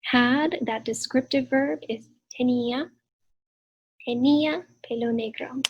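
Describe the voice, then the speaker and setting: A woman teaching a recorded grammar lesson. She explains patiently and draws out her examples slowly. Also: high-pitched, fairly even intonation, lo-fi sound, slight background noise. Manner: clear explanatory teacher talk, drawn-out examples. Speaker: Spanish teacher.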